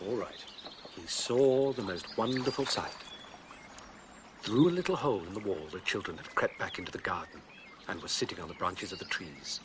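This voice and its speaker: An actor playing a flamboyant, witty middle-aged Victorian writer who talks in florid, languid phrases. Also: male voice, sits low, expressive, normal speed, noisy background. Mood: storytelling. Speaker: celebrated writer and father. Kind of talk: period film acting.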